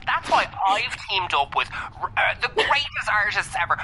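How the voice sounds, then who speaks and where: A man playing a scheming music manager with a nasal voice, talking fast and giggling through mock threats. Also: high voice, big pitch swings, sharp tone, slight background noise, heavily acted.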